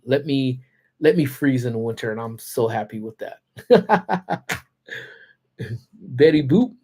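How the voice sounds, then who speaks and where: A man's voice: mid-range voice, a little mellow. A man hosting a casual lunch-break livestream, telling a story and greeting viewers by name. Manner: chatty, reads out viewer names. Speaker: livestream host. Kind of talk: casual live chat.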